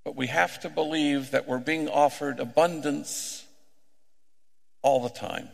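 A middle-aged man preaching a sermon, unhurried and conversational, telling stories with bits of Spanish slang. His voice sits a little high and has a gravelly fry. A long reverb from a large hall trails behind him. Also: fairly even intonation. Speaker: priest working with gang members. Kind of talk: sermon with storytelling.

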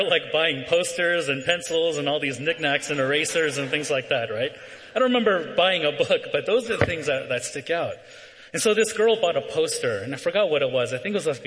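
A Southern California man with a slightly high, somewhat bright voice preaches a sermon built around a personal story, checking in with frequent "right?" asides between phrases. A hall gives the recording a long reverb.

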